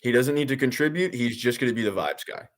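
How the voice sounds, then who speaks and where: A man's voice: mid-range voice, lively intonation, quick pace. Sarcastic, exasperated man reacting live. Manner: rambling with frequent fillers and restarts. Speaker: watch-along host. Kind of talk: live game-reaction commentary.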